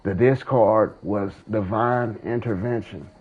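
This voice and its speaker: Through a dull, lo-fi streaming mic, a gaming channel host with a low, husky voice speaks slowly in a steady tone. In a casual, drawling monologue full of slang, he shares his faith and a breakup in the style of a testimony.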